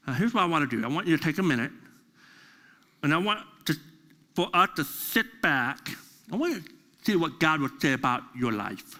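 Animated high-voiced male preacher. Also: moderate pace, pauses often, big-room sound. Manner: animated storytelling, repeats phrases. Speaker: pastor. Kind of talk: sermon.

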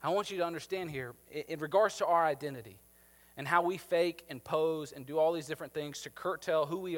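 Slightly high-voiced pastor in a reverberant hall. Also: male voice, a bit bright. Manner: conversational, checks in with the congregation. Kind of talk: sermon.

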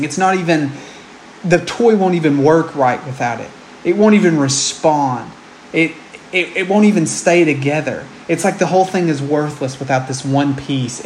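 A man preaching a conversational sermon, often pausing with ums and restarting his sentences. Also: fairly high pitch, a little hiss or hum. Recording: roomy echo.

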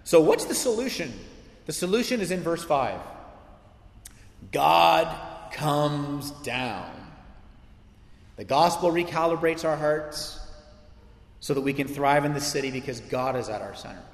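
Pastor, male, lively conversational sermon delivery, slightly high voice, echoey church hall. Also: a little fast. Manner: animated, conversational preaching with asides to listeners. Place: church sanctuary.

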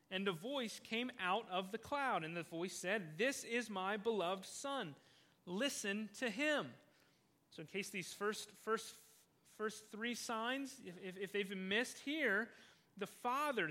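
High, bright-voiced man preaching. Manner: earnest, repeats words when starting phrases, asks the congregation questions. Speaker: pastor. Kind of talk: sermon.

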